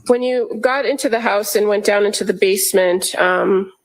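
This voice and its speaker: In echoey courtroom audio, a woman prosecutor with a medium-pitched voice questions a witness. Her questions are measured and methodical, with frequent pauses.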